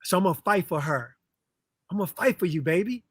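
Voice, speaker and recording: A man's voice: high voice, expressive, a little fast, a bit bright, dry recording, clean studio sound. A man, a relationship coach appearing as a guest, talking in an earnest, emphatic way and often repeating words. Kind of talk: casual chat.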